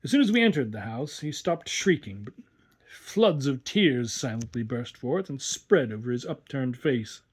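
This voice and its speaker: A man narrating a story in a measured, expressive reading. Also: medium pitch, slightly rough. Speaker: reader.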